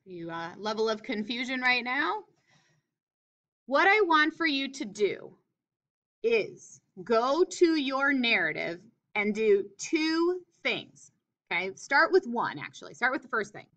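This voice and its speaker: Woman teacher, lesson explaining, animated pitch, reads examples expressively. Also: slow pace, dull audio. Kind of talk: classroom writing lesson.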